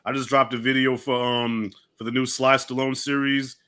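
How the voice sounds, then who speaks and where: A man's voice: medium pitch, little pitch movement, moderate pace, sharp tone, smooth. A man hosting a casual online group chat, laid-back as he wraps up the show. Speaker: host.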